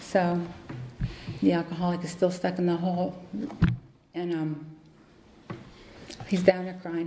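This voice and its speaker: A woman's voice: fairly low pitch, flat delivery, a little slow, long pauses. A woman giving an earnest, conversational recovery talk as a speaker at a meeting, telling stories. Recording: echoey hall, faint noise.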